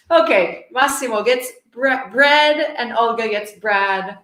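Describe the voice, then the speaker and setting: A woman teaching an English lesson, explaining slowly and clearly with a playful touch. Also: a little high, animated, fairly bright tone, reverberant. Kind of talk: online class teaching.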